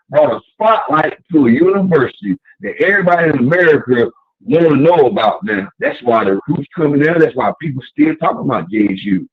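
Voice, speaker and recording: Husky, animated male caller on the phone. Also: fairly high pitch, a little fast. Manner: impassioned, lively, repeats questions. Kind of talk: passionate call-in monologue. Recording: tinny phone line.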